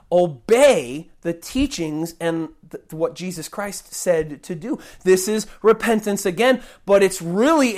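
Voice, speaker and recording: Animated male pastor preaching. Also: extremely high pitch. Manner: animated, swings between loud bursts and quiet asides. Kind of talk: sermon.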